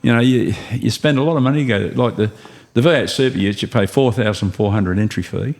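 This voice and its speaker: A man's voice: medium pitch, fairly quick, darkish tone. An Australian man telling rambling racing anecdotes in a casual interview, often chuckling as he goes. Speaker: guest, racing driver. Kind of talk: casual storytelling chat.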